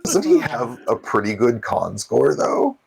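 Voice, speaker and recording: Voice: mid-range voice, wildly swooping pitch, a little slow, gravelly, crowd noise, rough recording. A game master narrating a tabletop role-playing game in a loose, casual way.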